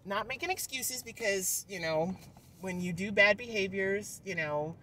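A woman's voice: mid-range voice, a little slow, a bit bright, recorded from a distance, a little hiss or hum. A woman talking candidly in a personal vlog, rambling and emotional, with frequent sighs and fillers. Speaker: vlogger.

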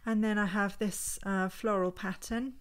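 A woman talks through her vintage finds one by one in a relaxed, chatty vlog. She speaks at an easy pace with a mid-range voice and thinks aloud as she goes. The voice is recorded at home. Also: mid-range voice, slight background noise. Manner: chatty, unhurried, thinking aloud while handling items. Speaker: vintage homeware reseller. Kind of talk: casual show-and-tell vlog.

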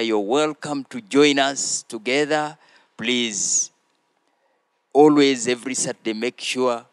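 A man hosting a children's church show, teaching slowly and prompting the children to repeat phrases after him. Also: mid-range voice, fairly bright tone, smooth, dry recording. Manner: slow, deliberate, prompting listeners to repeat phrases. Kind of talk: teaching children with call-and-response.

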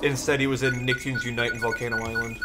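A man's voice: medium pitch, fairly even intonation, quick pace, loud music behind the voice. A young man hosting a let's play, telling a long rambling story in casual gameplay commentary and swearing freely.

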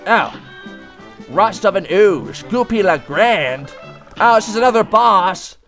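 A man voicing an excitable male cat, commenting on a game, yelping and talking back to the bosses. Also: high voice, takes it slowly, faint music behind, exaggerated voice. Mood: excited. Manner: yelps and screams, talks to the bosses. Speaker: let's play gamer.

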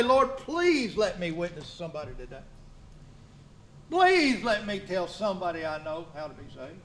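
A man's voice: high voice, very animated, normal speed, fairly bright tone. A man preaching a sermon in a church, folksy and joking, firing questions at the congregation.

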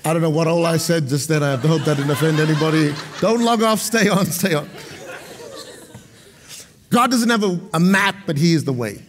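A middle-aged male pastor preaching a sermon, moving between loud proclamations and quiet, chatty storytelling. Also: a little fast, some chatter behind, a little hiss or hum. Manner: dynamic preaching, swings from loud proclamations to low storytelling asides.

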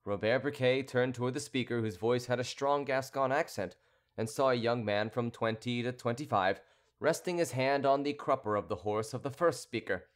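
A man narrating a classic novel as an audiobook, with an expressive, clear reading. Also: mid-range voice, moderate pace. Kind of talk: scripted narration.

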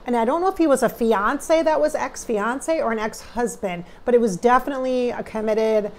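A middle-aged woman, a psychic medium, speaks to viewers during a channeling session in a casual, emotional way. Her voice is fairly high and her speed is normal, and she's chatty, addressing viewers directly.

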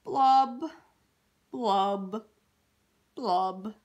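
A woman doing a glum low pout fish. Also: extremely slow, darkish tone, muffled recording. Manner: mopey sing-song chant.

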